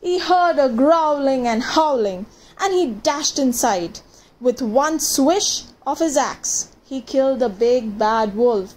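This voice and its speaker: A woman reading a children's fairy tale aloud, gentle and dramatic, with pauses for effect. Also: high voice, lively intonation. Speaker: storyteller.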